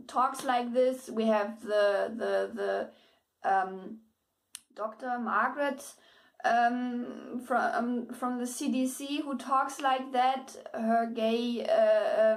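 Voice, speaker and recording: Slow, halting woman reviewing a book. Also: on the high side. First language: German. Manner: hesitant, many fillers and restarts, laughs often. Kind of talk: casual spoken book review.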